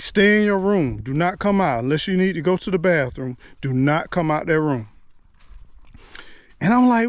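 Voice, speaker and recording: A man's voice: a little high, dry recording. Earnest man telling a story. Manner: Southern US informal speech, repetitive and earnest. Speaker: speaker sharing life lessons. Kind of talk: personal storytelling monologue.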